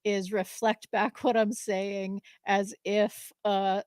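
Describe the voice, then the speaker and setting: Halting, laughing woman co-host. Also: medium pitch, little pitch movement, darkish tone, clean tone, no echo, studio quality. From New England. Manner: halting, many fillers, frequent laughs. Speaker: podcast co-host. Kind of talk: live casual conversation.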